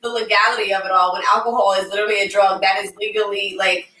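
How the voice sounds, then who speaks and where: A woman's voice: medium pitch, level tone, fast talker, sharp tone, far from the mic. A woman co-hosting a live stream, chatting playfully with her co-hosts. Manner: playful, talks over others. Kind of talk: casual live-stream chat. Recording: echoey room, away from mic.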